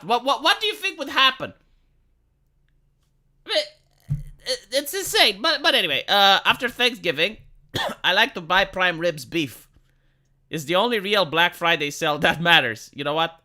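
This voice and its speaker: A very bright, sharp voice that swings widely in pitch. This live streamer rants in a profane, rambling way and often breaks into laughter at their own points. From lives in Romania. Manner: profane, heated, rambling rant. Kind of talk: ranting live-stream commentary.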